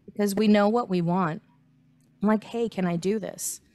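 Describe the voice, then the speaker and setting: A woman's voice: mid-range voice, moderate pace, a little mellow, dry recording. A woman hosting a casual chat, talking in an encouraging way and acting out inner voices. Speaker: host.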